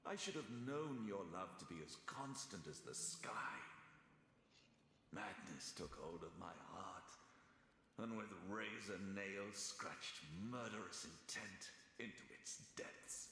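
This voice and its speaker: A deep, slow, anguished ghost of a man, pleading in a theatrical game voice that rises and falls widely. His words ring out in a cavernous, echoing space with a long reverb tail. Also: animated, sharp tone, a little hiss or hum, heavily acted. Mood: mournful pleading. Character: grieving ghostly man begging his murdered wife's forgiveness.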